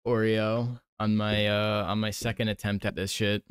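A man streaming a game, giving soft-spoken ASMR commentary with gentle self-talk and the odd casual swear. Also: lowish voice, little pitch movement, moderate pace, clean tone, no echo, clean studio sound.

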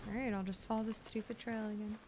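A woman streaming a game, talking casually to herself and her viewers, often muttering under her breath and bursting into loud, excited squeals. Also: mid-range voice, quick pace, background noise. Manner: chats back to viewers, teasing and argumentative. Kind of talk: casual live gameplay commentary.

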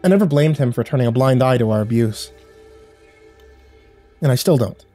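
Somber male horror narrator, dark tone. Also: medium pitch, expressive. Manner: measured, somber storytelling with quiet dialogue reads. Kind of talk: scripted horror story narration. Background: faint music.

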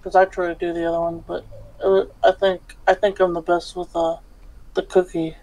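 A woman's voice: on the low side, little pitch movement, normal speed, warm tone, poor audio. A woman chatting casually and giggling with her partner during a game stream. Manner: laid-back, giggly. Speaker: co-host streaming a building game. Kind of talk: casual chat while gaming.

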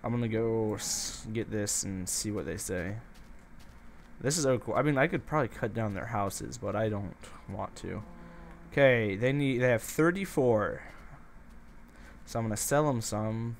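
A man's voice: lowish voice, measured pace, vocal fry, a little hiss or hum. A man giving casual, playful let's-play commentary, chatting to the animals and villagers as he goes. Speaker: gameplay commentator.

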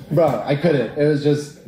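Crude, lively young stand-up comic. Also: male voice, on the high side, roomy sound. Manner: crude, animated storytelling with crowd asides. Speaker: stand-up comedian. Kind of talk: stand-up comedy set.

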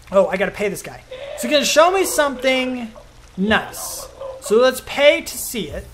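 A gaming streamer with an extremely high, sharp-toned voice chats casually through a let's play, talking to himself and his viewers and getting surprised easily. There's slight noise in the background.

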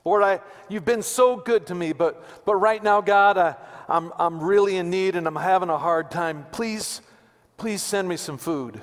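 Brief: loud, fervent, high old woman shouting praise, put on by a preacher, long church reverb. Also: measured pace. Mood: pleading. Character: bold elderly woman praising God on her porch. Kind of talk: sermon story voice.

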